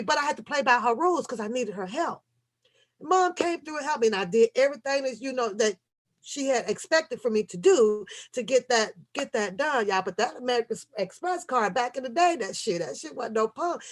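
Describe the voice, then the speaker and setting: A woman in her thirties who rants and tells stories to her viewers, swearing freely and sounding animated. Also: high-pitched. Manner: profane, animated, talks straight to viewers. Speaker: vlogger. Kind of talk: casual storytelling rant.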